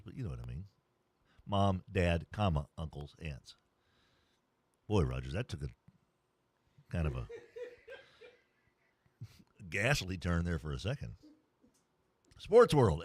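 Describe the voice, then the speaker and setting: Lively, jokey male radio host. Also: medium pitch, no room sound. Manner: playful, jokey, mock-whispers and funny voices during ad reads. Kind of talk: morning sports radio banter and live ad reads.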